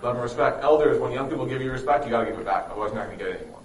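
A youth speaker races through a religious story for a live audience, barely pausing as he jokes and quizzes them. His voice is medium-pitched, heard from a distant mic in an echoey room with slight background noise.

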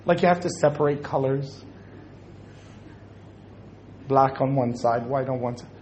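A man's voice: mid-range voice, a little slow, a little mellow, slight background noise. A man speaking to an audience at a religious talk, joking and acting out little scenes.

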